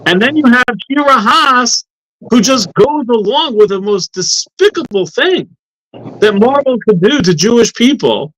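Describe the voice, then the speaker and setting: A man's voice: extremely high pitch, animated, measured pace, a bit bright, rough recording. A man guesting on a talk show as a law professor, speaking in an indignant, impassioned way. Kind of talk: heated talk-show discussion.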